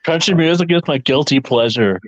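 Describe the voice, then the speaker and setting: A man's voice: on the high side, fairly quick, no echo, dull audio. A man chatting casually as a podcast co-host, laid-back, laughing often and swearing. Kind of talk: casual chat.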